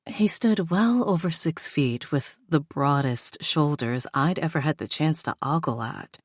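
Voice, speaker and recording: A woman reading a first-person romance novel aloud in a sultry, unhurried narration. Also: low voice, no echo, clean studio sound. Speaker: audiobook narrator.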